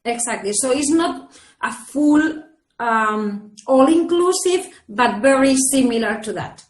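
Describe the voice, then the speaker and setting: A woman's voice: sits high, lively intonation, slow pace. Woman presenting, echoey room. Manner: friendly, explanatory, with fillers. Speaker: hotel brand presenter. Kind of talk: business presentation.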